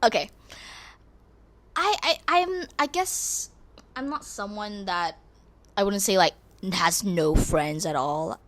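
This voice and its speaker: A woman's voice: mid-range voice, lively intonation, slow, long pauses, a bit bright. A teenage girl talking casually and candidly to her viewers, rambling with restarts and growing exasperated as she rants. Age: teens. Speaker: vlogger. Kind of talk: casual confessional vlog.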